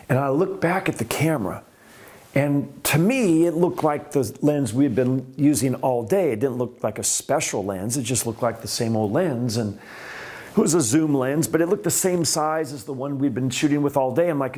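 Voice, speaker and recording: Animated middle-aged man telling stunt stories. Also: mid-range voice, a little fast. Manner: animated, acts out quoted voices, rising excitement. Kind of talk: casual storytelling.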